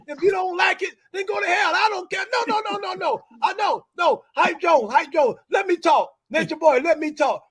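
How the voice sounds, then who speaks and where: A man's voice: extremely high pitch, full character voice. A man doing a cranky, cussing old ranter. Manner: ranting, shouting, defiant. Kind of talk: impression on a talk show.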